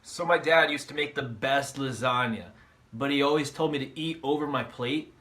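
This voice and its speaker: A man telling quick one-liner jokes and puns in a comedy video, often laughing at his own jokes. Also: medium pitch, bright, forceful tone. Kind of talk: joke-telling compilation.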